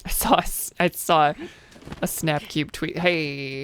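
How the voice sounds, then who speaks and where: This is a game streamer talking casually through a play session, chatty and self-mocking, with the odd silly made-up word. The voice is bright and lively in tone. It comes through smooth and crisp. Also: mid-range voice, normal speed. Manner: chatty, self-mocking, playful nonsense words. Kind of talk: casual gameplay commentary.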